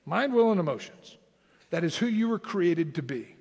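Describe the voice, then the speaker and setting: A high-voiced pastor with a Southern Tennessee accent, preaching in an animated, swooping way. His sermon rings with a long hall reverb. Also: moderate pace, creaky, breathy edge. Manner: animated preaching with emphatic rising lines.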